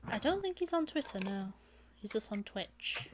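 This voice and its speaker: A woman's voice: fairly high pitch, sing-song, moderate pace, heavy background noise. Giggly woman hosting a live stream. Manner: giggly, laughs often between lines. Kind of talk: casual stream chat.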